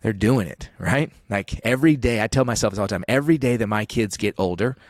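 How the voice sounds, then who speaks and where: A man's voice: fairly low pitch, quick pace, no echo, studio quality. A man in his thirties, a podcast guest talking in an earnest, reflective way with frequent restarts. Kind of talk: podcast conversation.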